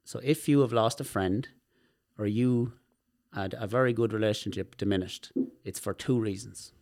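An Irish man, a guest on a podcast, telling personal stories in an animated way and swearing freely. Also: lowish voice, normal speed. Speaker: guest, movement specialist. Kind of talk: podcast conversation.

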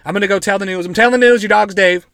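A pushy little kid, insistent and excited, in a clearly raised, louder voice, as a man puts him on. The comic bit has dry, close sound. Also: sits high, racing, dry recording, pitched above the performer's own voice. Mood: bossy. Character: bossy little kid naming things, pushy.

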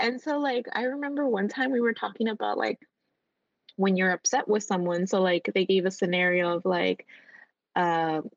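A woman teacher talking casually as a podcast guest, chatty and full of fillers, lively when she retells her students' words. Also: lowish voice, creaky, no echo, dull audio. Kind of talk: casual interview chat.

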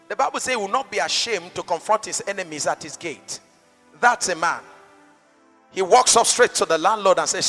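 A male pastor preaches with a high, sharp, forceful voice, rising into shouts and dropping to quiet asides. He is heard in a large church hall with a long reverb, and faint music plays underneath. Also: animated, normal speed. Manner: dynamic, rhetorical, swings between shouting and soft asides. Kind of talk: sermon.

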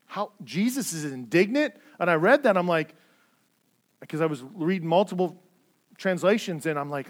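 High-voiced earnest preacher man. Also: big pitch swings, normal speed. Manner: earnest, repeats words when stressing a point, swings from loud to quiet. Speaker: pastor. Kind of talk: sermon.

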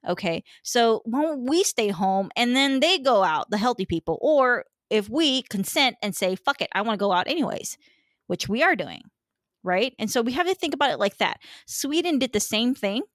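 A woman's voice: a little high, sing-song, moderate pace, no room sound, clean studio sound. A woman hosting a podcast, chatting casually about politics in a rambling, profane way with many fillers. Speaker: podcast host.

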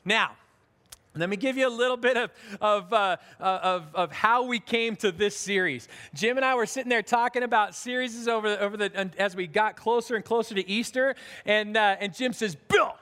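High-voiced man preaching in a hall. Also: moderate pace, bright, forceful tone. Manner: conversational, self-deprecating, with frequent restarts. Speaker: pastor. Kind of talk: sermon. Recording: long hall reverb.

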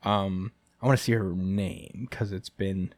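A man's low voice, fairly even in intonation and a little slow, hosts a podcast where he recaps a chapter casually and ramblingly. He laughs frequently and says um a lot, and there's no echo.

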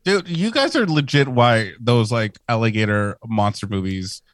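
Excitable male podcast co-host with a very lively, bouncing pitch; dry studio sound. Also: moderate pace, no room sound. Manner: excitable, swears freely, laughs through his talk. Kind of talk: casual podcast chat.

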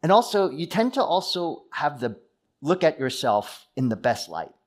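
A man's voice: a little high, very animated, normal speed. A man preaching a sermon, earnest, with personal stories and questions to the listeners. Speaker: pastor.

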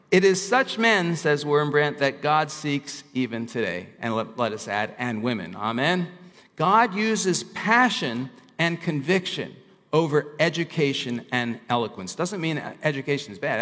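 A man preaching a sermon, slowing down and pressing hard on the lines he wants to land. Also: a little high, fairly bright tone. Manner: emphatic, slows down to stress key lines. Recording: hall reverb.

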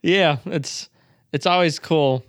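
A man's voice: a little high, slow pace, no echo, clean studio sound. A man co-hosting a podcast in casual chat, rambling and laughing often. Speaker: podcast co-host.

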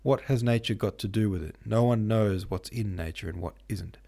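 A man's voice: lowish voice, normal speed, vocal fry, dark tone. A man voicing a hot-tempered young male painter who argues vehemently. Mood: heated. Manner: vehement, declaiming.

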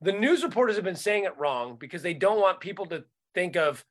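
Male comic co-host, high voice, animated rants, casual podcast banter. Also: fairly quick. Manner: animated, ranting, swears freely. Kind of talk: casual comedic chat.

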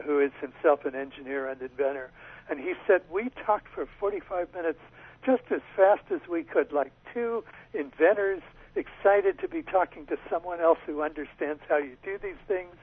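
A husky man speaks over a tinny phone line, his voice a little higher than most men's. He tells a long story in a thoughtful way. The sound is dry and close. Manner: thoughtful storytelling, occasional laughs and restarts. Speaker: author guest. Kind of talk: radio interview over the phone. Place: home in Northern California.

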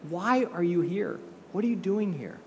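A man's voice: sits high, lively intonation, moderate pace, darkish tone, long reverb tail, a little hiss or hum, pitched above the performer's own voice. A man voicing God as a patient male figure who keeps asking probing questions and gives firm reassurance.

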